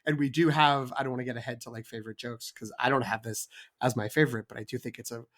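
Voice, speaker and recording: A man's voice: mid-range voice, steady tone, quick pace, fairly bright tone. A man co-hosting a film review podcast, talking in a casual, rambling way with frequent restarts and asides.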